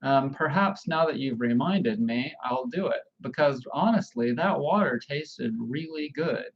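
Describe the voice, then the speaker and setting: A man at an everyday mid pitch rambles casually through a livestream, talking straight to his viewers. The audio comes across slightly dull and muffled. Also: expressive, measured pace. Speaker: livestream host.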